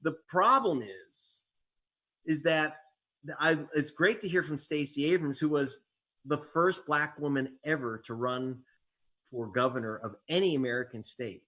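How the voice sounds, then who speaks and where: A man's voice: on the high side, unhurried, sharp tone. A man, an investigative reporter and author, being interviewed as a guest, talking in a wry storytelling way with sarcastic jabs. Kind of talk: interview conversation.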